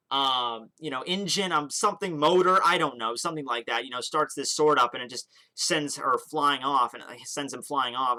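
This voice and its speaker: A man's voice: fairly high pitch, pushed and bright. A young man casually reviewing a manga chapter, rambling with lots of fillers and the odd swear word.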